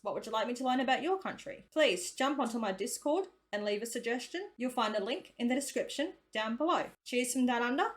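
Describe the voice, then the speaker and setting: A woman's voice: fairly high pitch, animated, brisk, hardly any pauses. An Australian woman hosting a reaction video, talking in a chatty, casual way and using slang like mate and reckon.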